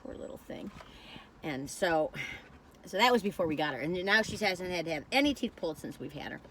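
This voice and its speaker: A woman's voice: lowish voice, expressive, brisk, a bit bright, slight background noise. A woman reviewing food in a casual vlog, chatting while she tastes and telling a rambling story that keeps losing its thread.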